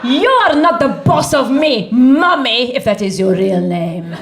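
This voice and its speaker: A woman's voice: fairly high pitch, measured pace, creaky, echoey room, a crowd in the background. Woman playing melodramatic bossy little girl. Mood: defiant. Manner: broken English, wildly theatrical, wailing.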